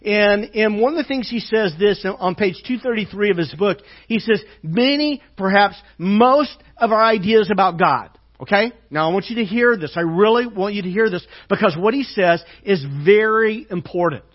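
A male pastor delivers a sermon in a fairly high voice, halting and packed with fillers. On tender lines he often drops into a hushed, slow delivery, and the church recording sounds dull and lo-fi.

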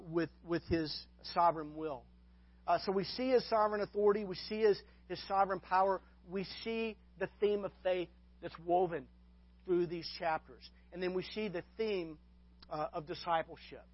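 A man's voice: high voice, dull audio. A man preaching a sermon as pastor, often restarting and repeating words, with folksy asides to his congregation.

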